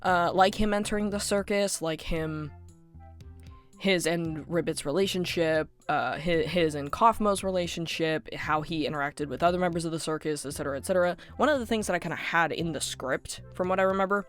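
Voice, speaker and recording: Rambling woman with a lowish voice. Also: brisk, faint music behind. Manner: rambling with many fillers and laughs. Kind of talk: casual rambling monologue.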